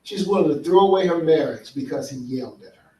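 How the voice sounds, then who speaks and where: A man's voice: on the high side, lively intonation, quick pace, mellow. Man telling stories in an echoey hall. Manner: earnest, storytelling, asks the audience questions. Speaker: speaker. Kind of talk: conference talk on men's healing. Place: large hall with an audience. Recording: echoey hall, speaker far from mic.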